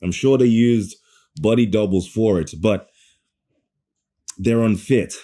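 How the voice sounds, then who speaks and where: Ranting, sarcastic man with mellow voice. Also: on the low side, slow pace. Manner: sarcastic, animated rant with profanity. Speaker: movie reviewer. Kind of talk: ranting movie review.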